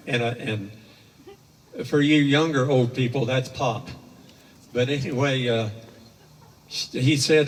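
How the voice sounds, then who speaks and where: A man's voice: mid-range voice, steady tone, moderate pace, pauses often. An older man rambling through a folksy spoken story with homespun asides, heard from far off in an echoey hall. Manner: rambling, homespun, with many fillers.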